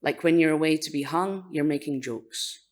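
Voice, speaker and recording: A Scottish woman in her forties giving a conference talk, with a dry, sarcastic and lively delivery. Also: low-pitched, normal speed. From Scotland. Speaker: conference speaker.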